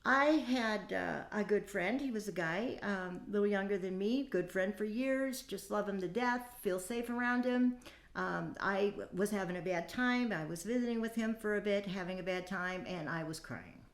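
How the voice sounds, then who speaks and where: A woman's voice: medium pitch, normal speed. A woman in her fifties hosting a casual dating-advice talk, chatty and folksy, with many fillers and asides. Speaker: podcast host. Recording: echoey room.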